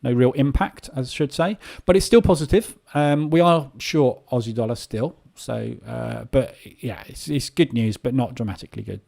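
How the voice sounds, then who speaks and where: A man's voice: medium pitch, moderate pace, creaky, hardly any pauses, a little mellow. Chatty man, full of ums. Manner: casual, rambling, many filler ums. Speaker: trading room host. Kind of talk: live market commentary.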